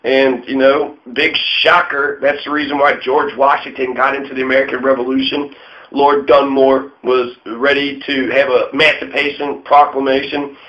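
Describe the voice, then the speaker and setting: A man's voice: mid-range voice, flat delivery, normal speed. A man giving a profane, irreverent casual history monologue, full of mocking asides. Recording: dull lo-fi sound.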